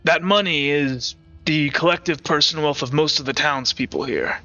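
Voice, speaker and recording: A man voicing a weary, earnest temporary town sheriff in a tabletop game, speaking haltingly with many pauses. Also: fairly high pitch, sharp tone, no room sound, dull audio. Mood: persuasive. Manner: hesitant, measured, earnest. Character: weary middle-aged male temporary sheriff. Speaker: game master voicing a character.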